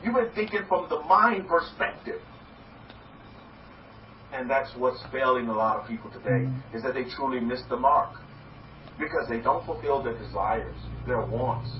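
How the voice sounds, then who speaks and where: A man teaching as a rabbi in a lively sermon, acting out quoted voices and repeating words as he goes. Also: mid-range voice, moderate pace. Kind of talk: sermon-style teaching talk. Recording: echoey, distant, dull and slightly noisy.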